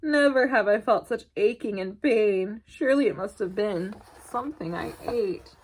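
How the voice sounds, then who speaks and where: A big, melodramatic wolf from a picture book, voiced by a woman reading aloud. He drags his words out slowly and dramatically, and the voice moves around a lot. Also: mid-range voice, lively intonation, slight background noise, close to an everyday voice, rough recording. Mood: groaning.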